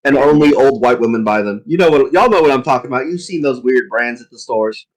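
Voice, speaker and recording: A man's voice: mid-range voice, expressive, fast, low-quality recording. A young man narrating as game master of a tabletop game, casual and profane, rambling as he describes the scene.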